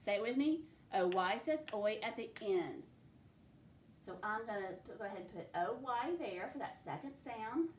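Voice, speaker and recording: A woman's voice: medium pitch, lively intonation, a little hiss or hum. A woman teaching a phonics spelling lesson, stretching out each sound of a word as she dictates it. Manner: slow, stretched sounding-out of words. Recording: echoey room with faint ambience.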